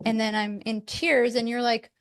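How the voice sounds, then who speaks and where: A middle-aged woman hosts a podcast, chatting casually in a candid, reflective way and laughing lightly now and then. Her voice sits on the high side with little pitch movement, and she speaks at a normal speed.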